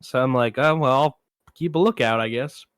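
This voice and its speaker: A man's voice: mid-range voice, moderate pace, clean tone, no room sound. A man co-hosting a film podcast, telling a long anecdote in casual chat and acting out the people he quotes. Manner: animated anecdote teller, acts out quoted voices. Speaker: podcast co-host.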